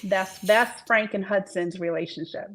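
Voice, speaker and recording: A woman's voice: medium pitch, moderate pace, fairly bright tone. Woman author chatting, mid voice, earnest, kinda rambly and reflective. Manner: earnest, reflective, trails off with fillers. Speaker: author guest. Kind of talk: casual interview chat.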